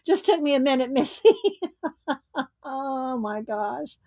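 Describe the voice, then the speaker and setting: A woman's voice: sits high, mellow. A woman hosting a casual livestream, greeting viewers by name and chatting in a rambling way. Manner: slow, rambling, with fillers and small laughs. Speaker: livestream host.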